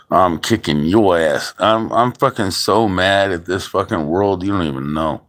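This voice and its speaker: A man with a very low, deep voice vents in a long, heated monologue. He swears in nearly every sentence and keeps stumbling and restarting as he talks. Casual and unscripted, like talking straight to his stream. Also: measured pace, a bit bright. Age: adult father. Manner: heavily profane, ranting with restarts. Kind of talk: angry venting monologue.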